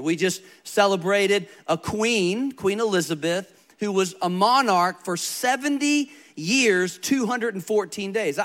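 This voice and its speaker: A man's voice: high voice, fairly bright tone. A male pastor preaching a sermon, telling personal stories and repeating key phrases for emphasis. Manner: storytelling, emphatic repetition.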